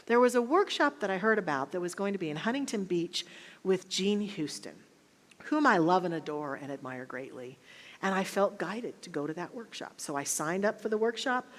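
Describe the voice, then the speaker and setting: A woman minister preaches in a church, her voice swinging up and down with lively expression. She tells stories with a self-mocking, animated touch. The sound carries a long reverb from the sanctuary. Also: on the low side, moderate pace. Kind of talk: sermon.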